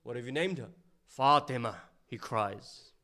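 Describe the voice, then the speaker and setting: A man giving a sermon, telling a story and dropping to a hushed voice for its sad lines, then rising louder to stress his points. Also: unhurried. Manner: storytelling, drops to a low hushed voice for sad quotes. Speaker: speaker at an Islamic centre.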